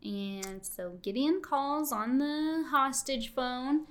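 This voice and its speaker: Bright-voiced, lively woman chatting. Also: high-pitched, takes it slowly. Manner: animated, laughing, bursts into shouted quotes. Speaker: podcast co-host. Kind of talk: casual chat recapping a TV episode.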